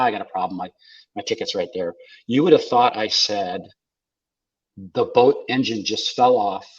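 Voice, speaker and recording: A man's voice: fairly low pitch, slightly rough. An older man from South Dakota, a podcast guest, telling wry anecdotes in casual conversation and quoting people's lines back and forth. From South Dakota, USA. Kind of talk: casual storytelling. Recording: dull lo-fi audio.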